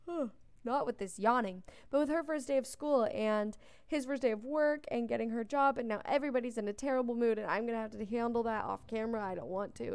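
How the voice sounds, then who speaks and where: A woman's voice: on the high side, brisk, a little mellow, clear, resonant tone, dry recording. Chatty woman voicing game commentary. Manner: chatty, talks to the game characters. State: yawning a lot. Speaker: let's play host. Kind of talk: casual gameplay commentary.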